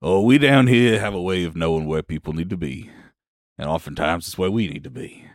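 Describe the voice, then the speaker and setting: A man voicing a weary, kindly crocodile father in a tabletop game, talking in a gentle, folksy way. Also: sits low, brisk, dry recording, clean studio sound, lightly acted. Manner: folksy, gentle, rural turns of phrase.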